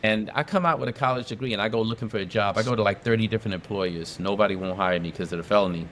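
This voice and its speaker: A middle-aged man from New York speaks in a fairly low voice, recounting his career to a podcast host. He builds his points by repeating phrases and leaning on them. The talk is loose and conversational, with a faint hum of ambience behind him. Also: very fast, a bit bright. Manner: emphatic, repeats phrases for effect. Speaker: podcast guest, advocate. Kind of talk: casual storytelling interview.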